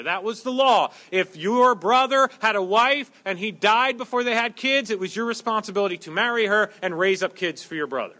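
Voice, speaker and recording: A man preaching a sermon in a lively, joking way, acting out quotes and voices as he teaches. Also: high voice, normal speed, few pauses. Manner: animated, jokey preaching with acted-out quotes. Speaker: pastor.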